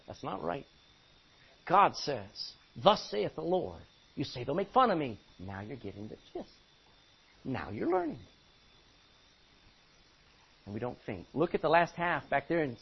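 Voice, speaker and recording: A man's voice: sits high, slightly rough, highs cut off. A man preaching a sermon in an emphatic way, repeating phrases and calling out for amens.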